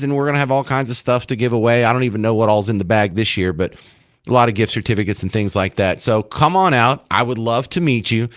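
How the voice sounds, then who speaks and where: A man's voice: medium pitch, a bit bright, clear, resonant tone, no echo, studio quality. A man hosting a talk radio show, chatting in a rambling, self-mocking way. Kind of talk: casual talk radio monologue. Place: radio studio.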